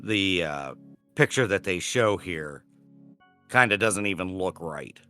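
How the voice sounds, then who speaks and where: Podcast co-host, male, slightly low voice, bright tone, rambling casual delivery. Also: lively intonation, a little slow, clear, resonant tone, faint music behind. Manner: rambling, self-correcting, swears casually. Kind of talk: casual chat.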